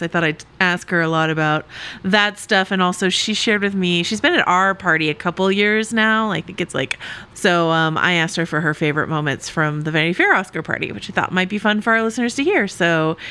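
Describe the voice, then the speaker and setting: A woman co-hosting a podcast with an enthusiastic, chatty manner. Her voice is bright and smooth, sitting somewhat low for a woman, and she tosses in quick asides. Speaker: podcast co-host. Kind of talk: casual podcast chat.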